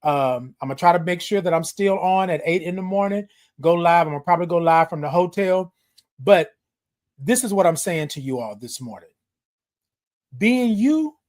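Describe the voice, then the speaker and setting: A man's voice: high voice, a little mellow. A man hosting a live morning stream, talking casually with an affectionate, repetitive, preacher-like delivery and greeting viewers by name. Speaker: host of a live morning show. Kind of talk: casual livestream talk. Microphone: streaming live on social media.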